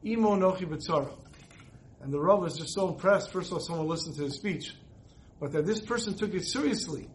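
Male Torah teacher, high voice, storytelling and acting out the lines. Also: lively intonation, a little fast, a little hiss or hum. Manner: storytelling, acts out dialogue. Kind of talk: recorded Torah class.

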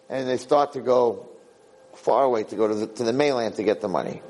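A man lecturing and telling a parable in an animated way, mixing in Yiddish words. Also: mid-range voice, brisk, rough recording. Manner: animated storyteller, Yiddish-sprinkled. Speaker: Jewish lecturer.

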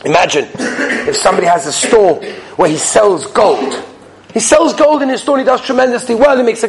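A man with a high voice delivers a weekly Torah talk. He tells stories and acts out their characters as he goes, mixing Hebrew and Yiddish terms into his English. There is a faint bit of room noise behind him. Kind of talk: sermon with stories.

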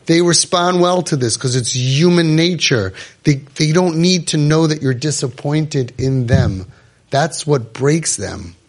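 Guy with a slightly high voice giving a talk to a room of parents, lively, lots of "you know", acts out little voices. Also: unhurried. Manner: animated, acts out quoted voices, many fillers. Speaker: parent support group leader. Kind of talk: talk to a live group. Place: room with a live audience.

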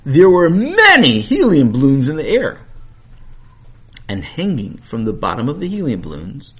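A man telling a children's story with animated, playful narration and asides to the listener. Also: medium pitch, normal speed, slightly rough, muffled recording.

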